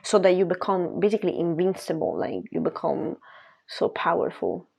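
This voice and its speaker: A woman's voice: fairly low pitch, sing-song, moderate pace, gravelly, a little mellow, husky. A woman speaking as a spiritual coach in a casual monologue, emphatic and repetitive, laughing between phrases.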